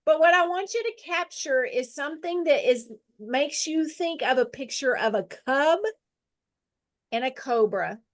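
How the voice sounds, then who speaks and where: Slow-speaking woman leading a Bible lesson. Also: a little high. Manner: slow, deliberate dictation, repeating phrases; friendly, laughs at herself. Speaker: Bible study teacher. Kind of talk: guided scripture lesson with drawing.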